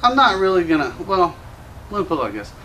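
Gun shop owner, male, high-pitched, combative and profane on-camera rant. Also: sing-song, quick pace, background noise. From Louisiana. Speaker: gun store owner and show host. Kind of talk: ranting commentary to camera.

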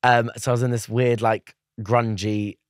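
A young man, a guest on an interview show, telling a story in a lively, chatty way. He acts out other people's lines and laughs often. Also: mid-range voice, normal speed, no echo, studio quality.

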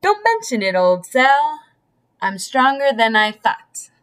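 A woman voicing a tiny, cheeky, cheerful female piglet in a squeaky voice for a read-aloud storybook. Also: sing-song, slow, exaggerated voice. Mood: eager. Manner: squeaky and bright.

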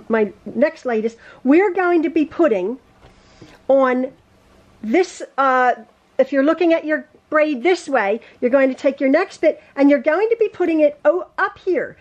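A woman's voice: high-pitched, darkish tone, muffled recording. A woman giving a chatty home sewing tutorial, rambling and correcting herself as she works at the machine. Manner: rambling, self-correcting, talks while sewing. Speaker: quilting teacher.

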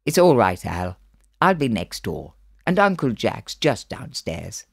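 A woman's voice: extremely low pitch, very animated, unhurried, creaky, slightly rough, no echo, studio quality, heavily acted. A woman voicing a protective boy big brother who talks in a firm, sensible way in a storybook reading. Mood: reassuring.

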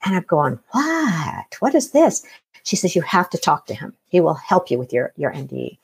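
Husky-voiced woman telling a lively story. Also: low-pitched, fast talker. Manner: animated storyteller acting out quoted voices. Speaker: guest telling her near-death experience. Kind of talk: casual storytelling.

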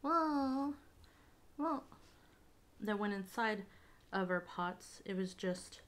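A woman chatting casually to viewers in a food taste-test vlog, expressive and talkative. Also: mid-range voice, slow pace. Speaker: food vlogger.

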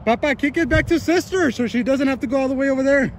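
A man's voice: extremely high pitch, fast talker, slight background noise. A man in his thirties filming a casual family vlog while playing soccer outdoors with his kids on his phone, laughing often, teasing them, and out of breath. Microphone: phone held while playing.

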